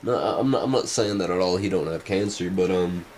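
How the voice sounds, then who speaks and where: A man's voice: sits low, a little fast, a little mellow, slight background noise, poor audio. A man vlogging casual rambling commentary, hesitant and full of restarts. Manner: hesitant, many fillers and restarts.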